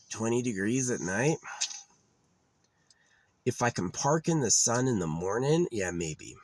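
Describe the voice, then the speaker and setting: A man's voice: lowish voice, big pitch swings, measured pace, pauses often. A young man vlogging in a rambling, digressive monologue that drifts into rants, full of fillers.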